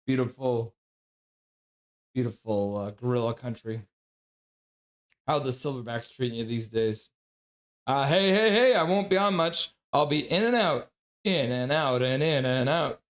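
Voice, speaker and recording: A man's voice: medium pitch, a bit bright. A man hosting a live hockey watch-along stream, joking around and greeting viewers from chat in a casual way. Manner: jokey, reads chat messages aloud and greets viewers.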